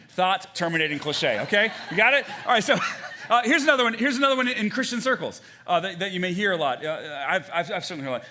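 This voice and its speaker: A young adult man preaching a sermon as pastor, conversational and animated, with frequent fillers and restarts. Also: fairly high pitch, fast, a little hiss or hum.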